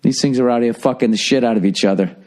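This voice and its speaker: A man's voice: medium pitch, fast talker, mellow. A middle-aged man hosting a podcast, riffing in a profane, sarcastic, rambling monologue. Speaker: podcast host.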